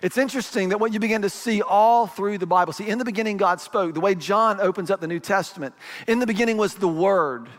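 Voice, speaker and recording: High-voiced pastor preaching in a hall. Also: male voice, quick pace. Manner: conversational storytelling, acts out dialogue. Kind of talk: sermon.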